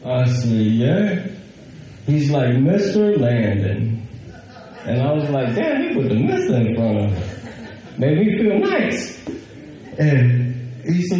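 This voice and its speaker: A man telling a personal story in a casual, animated way, quoting other people and laughing as he goes. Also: medium pitch, measured pace. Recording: very echoey room.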